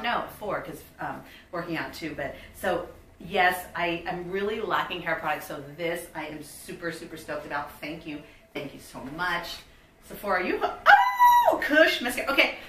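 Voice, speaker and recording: Woman, 50s, bubbly beauty vlogger, bright voice, recorded a little far from the mic. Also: on the low side, roomy sound. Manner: bubbly, chatty, reads product labels aloud. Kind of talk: casual unboxing chat.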